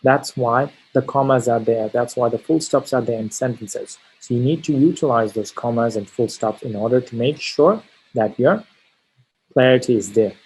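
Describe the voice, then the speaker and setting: Explaining exam pronunciation step by step, this test-prep teacher stresses key words and frequently asks "all right?". He has a mid-range, slightly mellow voice with a breathy edge and a moderate pace, and the low-quality recording has soft music behind it.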